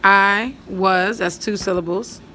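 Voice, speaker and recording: A woman teacher patiently walking students through writing a poem, counting syllables aloud and thinking out loud as she writes. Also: medium pitch, fairly even intonation, slow, a little hiss or hum. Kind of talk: step-by-step poetry lesson.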